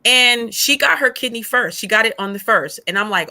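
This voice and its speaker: A woman guest on a faith podcast, retelling a hard stretch of her life as an animated storyteller who acts out past conversations. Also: on the high side, normal speed. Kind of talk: emotional personal testimony.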